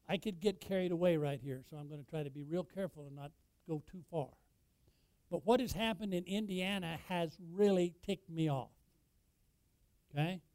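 A pastor with a high-pitched voice preaches a sermon, asking the congregation questions and building to loud, emphatic peaks before falling to low, quiet lines. The sound is dry and close, without room echo.

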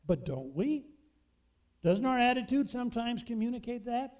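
A man's voice: very high-pitched, big pitch swings, normal speed, darkish tone. A man preaching a sermon, emphatic and fond of asking his congregation questions.

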